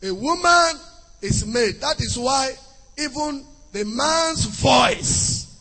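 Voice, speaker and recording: A man's voice: very high-pitched, expressive, takes it slowly, bright, forceful tone, slightly rough. A man preaching a sermon, emphatic and sing-song, repeating key phrases. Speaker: pastor. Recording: long hall reverb with faint music.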